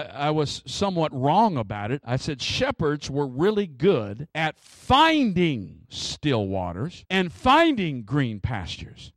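A male pastor delivers a sermon in a fairly high, very lively voice that swoops up and down. He stumbles into restarts and chuckles as he talks to the congregation. The sound is dry, with no room echo. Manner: animated preaching with frequent restarts and chuckles.

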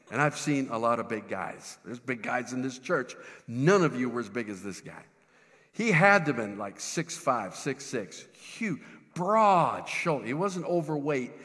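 Male preacher, bright and animated, humorous storytelling, reverberant church sound. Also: mid-range voice. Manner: animated, self-deprecating, stumbles and restarts. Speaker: pastor. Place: church sanctuary.

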